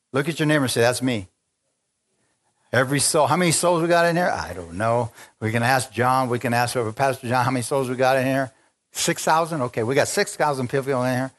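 Fervent male preacher in a large church. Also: medium pitch. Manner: fervent, rising to exclamations and calls to the congregation. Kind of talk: spontaneous sermon.

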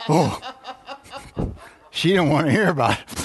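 A man's voice: a little high, animated. Man preaching with call-and-response. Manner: call-and-response preaching, chuckling, reads scripture slowly. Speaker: pastor. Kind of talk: sermon.

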